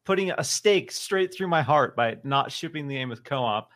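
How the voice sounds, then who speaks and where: A man's voice: mid-range voice, animated, normal speed, fairly bright tone. Emphatic man talking about games. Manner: emphatic, repeats phrases for effect. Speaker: co-host on a gaming show. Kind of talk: casual live-stream chat.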